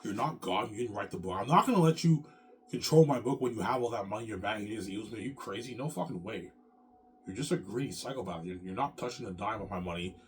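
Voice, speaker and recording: A man's voice: on the low side, quick pace, slight background noise. A man hosting his own channel, ranting to the camera in an agitated, profane, repetitive way. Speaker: channel host.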